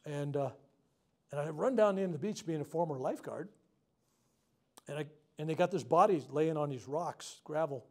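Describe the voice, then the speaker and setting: A man, a reverend leading a self-healing workshop, telling stories to a live group in a frank, unscripted and heartfelt way, with loud outbursts at dramatic moments. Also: a little high, moderate pace, long pauses. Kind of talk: storytelling talk to a live group. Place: workshop room with a live audience.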